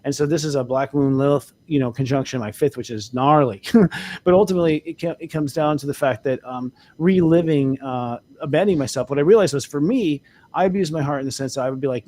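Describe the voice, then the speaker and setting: A man's voice: a little high, fast talker, darkish tone. A man co-hosting a casual spiritual talk show, speaking candidly as an astrologer and laughing often. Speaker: co-host, astrologer.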